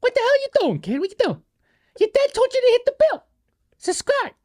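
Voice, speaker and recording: A man voicing a scolding Italian-American mobster mom in a high falsetto, nagging. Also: huge pitch swings, fairly quick, full character voice.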